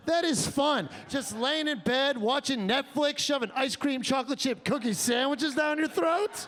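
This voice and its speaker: A male stand-up comedian with a high voice, telling stories and jumping into characters. He speaks into a handheld mic on a club stage. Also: normal speed, hardly any pauses. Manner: animated storytelling with voiced act-outs.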